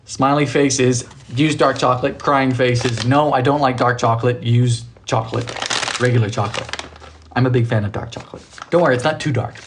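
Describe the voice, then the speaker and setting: A man's voice: steady tone, fairly quick, noisy background. A man from Britain hosting a baking livestream in his kitchen, chatting playfully while reading viewer comments. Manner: playful, theatrical, jumps between high and low voices. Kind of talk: casual live-stream chat reading comments. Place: home kitchen.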